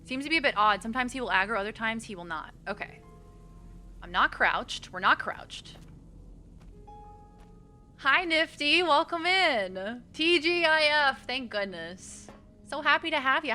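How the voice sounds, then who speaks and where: Bright-voiced woman streaming a game. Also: on the high side. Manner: chatty, greets viewers, swears when frustrated. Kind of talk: casual gameplay commentary.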